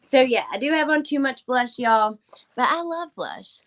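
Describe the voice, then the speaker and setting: A woman's voice: high-pitched, lively intonation, normal speed, a bit bright. A woman hosting a casual livestream who is holding back tears. She thanks viewers by name, and her voice often drops to a whisper. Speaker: livestream host. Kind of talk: casual live-stream chat.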